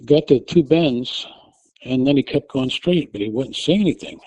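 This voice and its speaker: A man's voice: medium pitch, expressive, normal speed, breathy edge, poor audio. Man telling a gripping personal story. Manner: restarts often, raises his voice when retelling his shouts. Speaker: interview guest telling his testimony. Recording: audio only.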